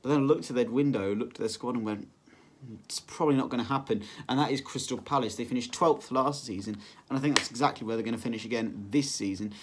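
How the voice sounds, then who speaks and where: A man's voice: medium pitch, fast, slight background noise. A man giving casual football predictions, rambling with lots of ums and self-corrections. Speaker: football vlogger. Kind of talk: casual solo prediction vlog.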